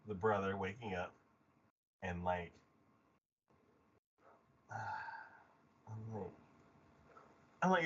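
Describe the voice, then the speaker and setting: A man co-hosts a laid-back anime podcast and fills his talk with "like" as he goes. He retells scenes by jumping into exaggerated character voices. His voice is husky and swings widely in pitch, and the audio sounds dull and lo-fi. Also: pushed and bright. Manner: many fillers like "like". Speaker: podcast co-host. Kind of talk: casual anime discussion.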